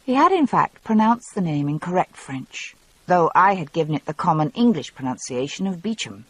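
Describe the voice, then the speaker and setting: A woman narrating a novel audiobook in the first person, measured and wry. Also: deep voice, sing-song, husky, no echo, low-quality recording.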